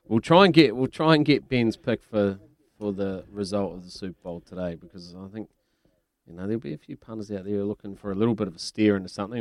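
A man's voice: fairly low pitch, darkish tone, no echo. A man hosting a casual sports radio show, chatty and teasing, laughing often.

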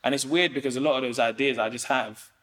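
A man's voice: mid-range voice, quick pace, fairly bright tone. Slangy, rambling man. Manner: slangy, rambling, many fillers and "do you know what I mean". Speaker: comedian guest. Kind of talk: casual podcast chat.

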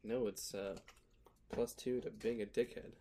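A man's voice: fairly low pitch, steady tone, measured pace, mellow, slight background noise. A man co-hosting a podcast in casual chat, teasing and laughing often. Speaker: podcast co-host.

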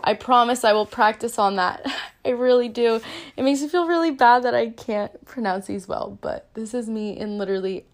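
A woman's voice: fairly high pitch, moderate pace. A woman teaching yoga in a casual, earnest way, chatty and self-deprecating, with lots of "um" and "like". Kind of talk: casual explanatory talk.

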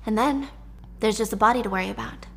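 A woman voicing a cold, scheming young woman captive who speaks in a calm, hushed, coaxing way while retelling a story. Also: a little high, fast talker, vocal fry.

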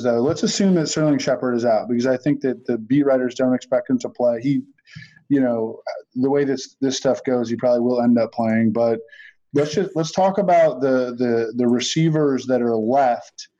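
A man's voice: mid-range voice, moderate pace, warm tone, dull audio. A man discussing fantasy football receivers in a loose podcast chat, thinking aloud with restarts.

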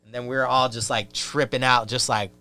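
A man's voice: mid-range voice, level tone, brisk, pushed and bright. A man, a podcast guest telling a wild story in loose, profane, casual talk.

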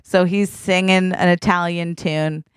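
Smooth low-voiced woman telling a comic story. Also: steady tone, no echo, clean studio sound. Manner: acts out quoted dialogue in quick turns. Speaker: podcast co-host. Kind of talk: comedic improvised storytelling.

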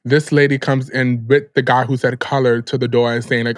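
A man's voice: mid-range voice, fairly even intonation, no echo, clean studio sound. A young man co-hosting a podcast, telling a story in a sassy way and quoting dialogue. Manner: sassy, rapid recounting with quoted dialogue. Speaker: podcast co-host. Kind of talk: casual chat.

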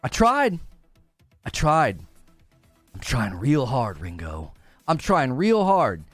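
A man's voice: mid-range voice, huge pitch swings, slow, a bit bright, no echo, faint music behind. A man streaming live, grumbling in exasperation and repeating himself as he rants about gaming news.

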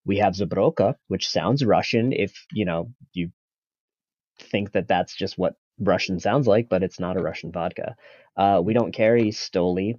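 A man's voice: on the low side, darkish tone, no echo, highs cut off. A man, a bar manager guest on a podcast, talking bluntly and sarcastically with some profanity. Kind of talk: casual podcast chat.

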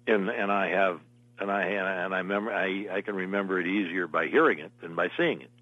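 A man's voice: low voice, fast talker, sharp tone, dry recording, muffled recording. An older man, an actor, telling long meandering stories as an interview guest. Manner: meandering anecdotal storyteller. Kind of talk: casual interview storytelling.

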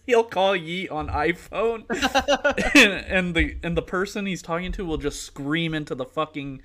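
Podcast host, male, bright rambling chatter with a higher voice. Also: animated, unhurried. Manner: rambling, laughing while telling stories. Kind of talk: casual podcast chat.

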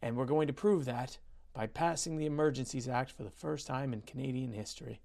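A man doing a sarcastic, mocking impression of a male national leader, with a slow, drawn-out, whiny delivery. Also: medium pitch, vocal fry, dark tone, close to an everyday voice.

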